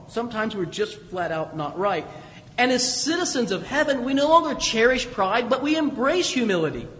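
High-voiced man preaching in an echoey hall. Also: a bit bright, a little hiss or hum. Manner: conversational preaching with emphatic rises and asides. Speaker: pastor. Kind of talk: sermon.

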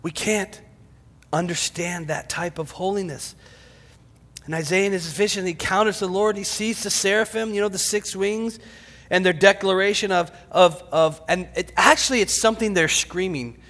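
A man preaching a sermon, dramatic, swinging from shouts to whispers. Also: high voice, fairly even intonation, moderate pace. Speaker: pastor. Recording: long hall reverb.

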